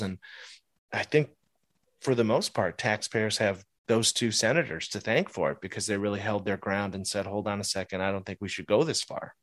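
Guy on a podcast, lowish voice, laughs a lot, dry close sound. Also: no echo. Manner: chatty, laughs often, many restarts. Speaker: podcast co-host. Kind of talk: casual political chat.

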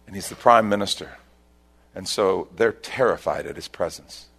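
A man preaching a sermon, retelling a scripture story and leaping up in pitch at its dramatic turns. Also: moderate pace, vocal fry, breathy edge. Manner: animated storytelling, voice rising sharply at dramatic points. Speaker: pastor.

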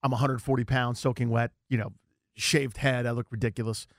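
A man's voice: mid-range voice, fairly quick, no room sound, clean studio sound. A man in his forties hosting a sports radio show, telling a story with self-mocking humor. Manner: storytelling, self-deprecating, animated. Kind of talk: casual sports talk. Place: radio studio.

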